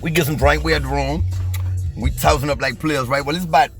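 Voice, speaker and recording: A man's voice: a little high, fairly even intonation, a little fast, a bit bright, faint music behind. A man telling a casual street story, laid-back, with heavy slang and a lot of profanity. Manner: laid-back, profane street slang, frequent "you know what I'm saying".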